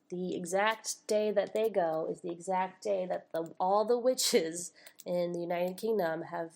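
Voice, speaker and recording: A woman co-hosting a podcast, recapping a film in casual, giggly chat. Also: mid-range voice. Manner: giggly, animated storytelling with acted quotes. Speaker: podcast co-host.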